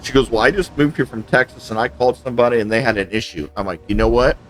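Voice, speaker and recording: Talking fast in a medium pitch, a man hosting a gaming channel chats casually during play. He spins a long complaint story and voices both sides of each quoted conversation; the audio carries a little hiss or hum.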